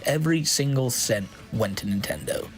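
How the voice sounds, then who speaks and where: A man's voice: mid-range voice, lively intonation, moderate pace, faint music behind. A man streaming casual commentary, mocking his subject and laughing often.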